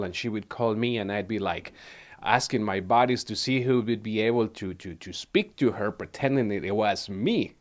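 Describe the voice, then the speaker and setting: A man from Mexico with a Mexican Spanish accent, hosting a wellness livestream and telling a personal story casually, laughing often and repeating words. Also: mid-range voice.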